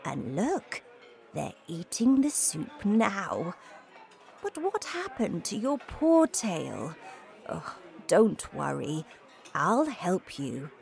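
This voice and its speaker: A woman voicing a kind grandmother who speaks softly and calmly. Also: fairly low pitch, drawn-out words, gravelly, soft background music, heavily acted. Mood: calm quiet. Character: calm kind grandmother, quiet.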